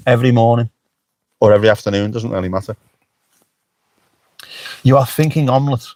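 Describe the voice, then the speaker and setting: A man's voice: medium pitch, brisk, pauses often, darkish tone, no echo. A middle-aged man chatting casually on a livestream, joking and swearing freely as he answers the chat. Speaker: livestream host. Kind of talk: casual live-stream chat.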